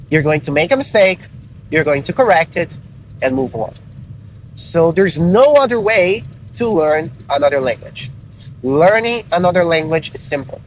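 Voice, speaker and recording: Blunt teacher, higher voice. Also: male voice, a little hiss or hum, low-quality recording. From Brazil. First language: Portuguese. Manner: frank and blunt, swears casually, many fillers. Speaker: English teacher. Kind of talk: casual motivational talk to learners.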